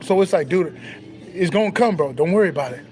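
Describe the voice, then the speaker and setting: A man's voice: sits high, expressive, fast, darkish tone, faint music behind, poor audio. A young man, talking casually and profanely with swagger, laughing often. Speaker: spiritual talk host. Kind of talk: casual spiritual monologue.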